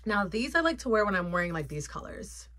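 A woman's voice: mid-range voice, big pitch swings, fairly quick, bright, forceful tone. A woman vlogger chatting casually and playfully, with lots of fillers, about her sunglasses collection. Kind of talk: casual haul chat.

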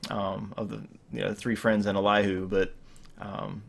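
Low gravelly-voiced man preaching. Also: level tone, normal speed. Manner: rambling, with many fillers and restarts. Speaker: pastor. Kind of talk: informal sermon.

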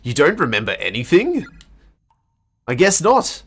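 A man reading aloud as a calm, reassuring teenage schoolboy, in a gentle, steady way. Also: a little high, a little slow, breathy edge, full character voice. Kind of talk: dramatic reading of a game.

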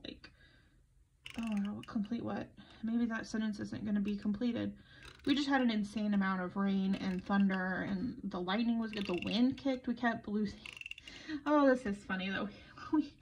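A woman's voice: mid-range voice, vocal fry, a little hiss or hum. A tired middle-aged woman, chatting casually while planning, rambling and poking fun at herself. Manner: rambling, self-deprecating storyteller. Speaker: planner vlogger. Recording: slightly dull lo-fi audio.

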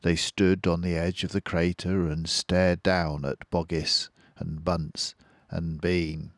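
An older British man reading a children's book aloud in a slow, expressive storytelling manner. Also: sits low, no echo, studio quality.

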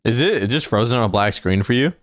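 A man livestreaming a video game, chatting casually and reacting out loud as he plays. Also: mid-range voice, lively intonation, fairly quick. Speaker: gaming streamer. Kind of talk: casual live gameplay commentary.

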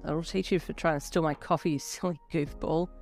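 A woman's voice: low-pitched, fairly even intonation, fairly quick. A woman voicing an exasperated teenage schoolboy. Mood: teasing. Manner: yelling in alarm. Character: teenage boy student, exasperated then fond. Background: soft electronic backing music.

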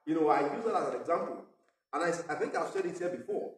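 Male pastor, conversational sermon, high voice, distant mic, big church reverb. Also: expressive, quick pace. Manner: conversational preaching with fillers and asides. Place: parish church. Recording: echoey church hall from far off.

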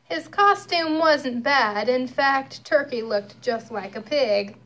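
Slow, high-voiced mom reading aloud. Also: female voice. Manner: slow, expressive storytelling with questions to the child. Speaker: mother reading to her child. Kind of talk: reading a picture book aloud.

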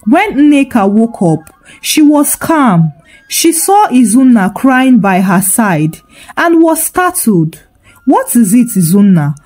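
A woman's voice: high-pitched, sing-song, takes it slowly, darkish tone, faint music behind, rough recording. A woman narrating a folktale in a dramatic storytelling manner.

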